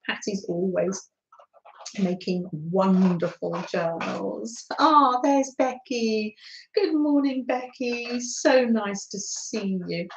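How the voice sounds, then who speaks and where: A woman hosting a crafting live stream, greeting viewers by name in a gentle, chatty way. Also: mid-range voice, low-quality recording. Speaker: live-stream host, junk journal crafter.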